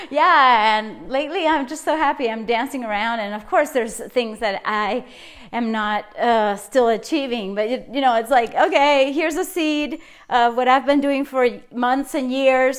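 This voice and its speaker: A middle-aged woman talks through her podcast in a loose, effusive monologue. Her voice sits a little high, and she laughs often between thoughts. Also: unhurried, smooth. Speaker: podcast host. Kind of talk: casual motivational monologue.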